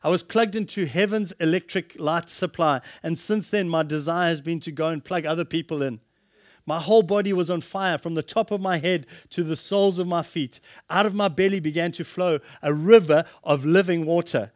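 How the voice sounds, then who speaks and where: A man preaching a sermon, impassioned, swinging from loud exclamations to hushed, earnest tones. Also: a little high, moderate pace.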